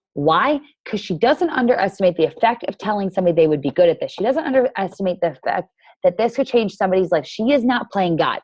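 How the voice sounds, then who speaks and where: A woman's voice: mid-range voice, a little mellow, no room sound, highs cut off. A woman leading a motivational team call for her fitness coaches, talking in a blunt, emphatic, casual way with lots of "like" and "literally".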